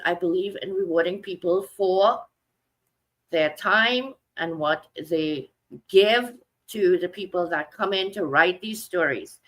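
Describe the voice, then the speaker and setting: A woman hosts a live online show over a video call, her tone bright and forward. She speaks with earnest emphasis and keeps things moving. Her pitch sits right in the middle for a woman. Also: low-quality recording. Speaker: host of a live book show.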